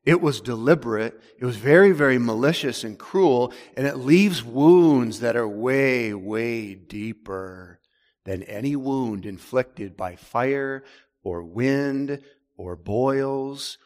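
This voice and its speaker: A man's voice: expressive, darkish tone. Emphatic preaching man, long hall reverb. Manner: emphatic preaching, drops to low, slow words for stress. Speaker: pastor. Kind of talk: sermon.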